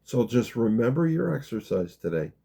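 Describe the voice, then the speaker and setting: A man leading a gentle guided meditation talk, calm and unhurried, dropping very soft in the guided parts. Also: medium pitch, vocal fry, breathy edge. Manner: slow, gentle, drops to a near whisper in the guided parts. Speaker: spiritual teacher guiding a practice.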